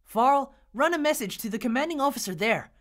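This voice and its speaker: Brisk scheming commander, played by a man, lively pitch, medium voice. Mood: commanding. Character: scheming male commander leading a pursuit. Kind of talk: fan audio drama.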